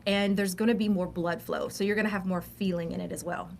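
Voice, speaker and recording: A woman's voice: on the low side, fairly even intonation, quick pace, gravelly, a little hiss or hum. Frank Texan woman, straight-talking. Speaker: sex coach guest. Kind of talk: casual interview talk.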